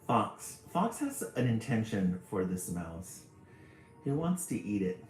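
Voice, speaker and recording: A man reading a picture book aloud on a live stream, chatting with viewers between pages. His pitch is animated and his pace unhurried. The room sounds echoey, with faint music beneath. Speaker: livestream storybook reader.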